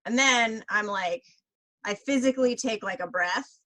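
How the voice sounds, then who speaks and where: A woman's voice: on the high side, a little slow, sharp tone, rough recording. A woman co-hosting a podcast, talking casually with many fillers and easy laughs. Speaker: podcast co-host. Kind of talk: casual chat.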